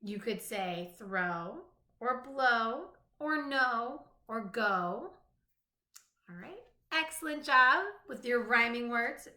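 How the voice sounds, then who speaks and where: Slow, bright-voiced woman teaching phonics. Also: on the high side. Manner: slow, clearly sounding out letters and words. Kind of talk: phonics lesson for young children. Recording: echoey room.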